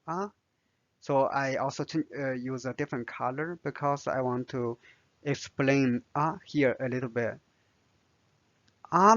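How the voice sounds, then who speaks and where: A man whose first language is Chinese, teaching a language lesson with slow, careful explanations and many fillers. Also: medium pitch, no room sound, lo-fi sound.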